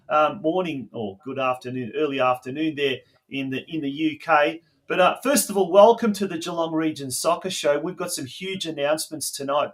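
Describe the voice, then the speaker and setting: Rambling man hosting a podcast. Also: fairly high pitch. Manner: rambling, halting with many fillers and restarts. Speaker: podcast host.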